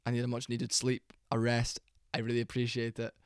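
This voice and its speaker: A young man giving a casual, rambling reaction commentary, tired and low on energy, with fillers and swearing. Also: monotone, a little fast, clean tone, no echo, studio quality. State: sleepy, worn out. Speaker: MMA reaction channel host.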